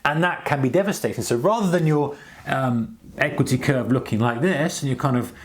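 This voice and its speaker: A man hosting a trading channel, giving casual advice to camera in a rambling, animated way and acting out his own inner voice. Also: mid-range voice, fairly quick. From United Kingdom.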